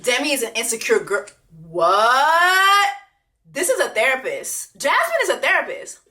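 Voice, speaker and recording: Reaction host, woman; high, lively, bright, blunt and profane. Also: a little slow. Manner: blunt, profane and animated, repeating lines for emphasis. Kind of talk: unscripted reaction commentary.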